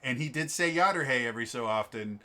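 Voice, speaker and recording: A man from Wisconsin running a tabletop game, chatting casually with animated, joking asides. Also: medium pitch, moderate pace. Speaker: game master. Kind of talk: casual chat.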